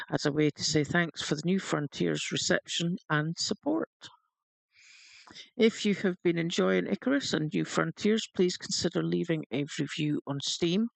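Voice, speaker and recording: A man co-hosting a casual gaming livestream, jokey, reading announcements aloud at a steady pace. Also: on the high side, vocal fry, dry recording, poor audio. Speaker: livestream co-host.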